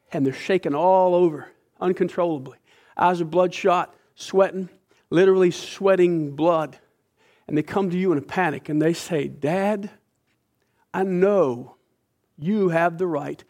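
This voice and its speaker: A middle-aged male preacher delivers a sermon to his congregation in a somewhat high voice. His delivery is dramatic and impassioned, dropping to near hushes and then rising sharply in force. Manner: impassioned, dramatic delivery with sudden swings in loudness.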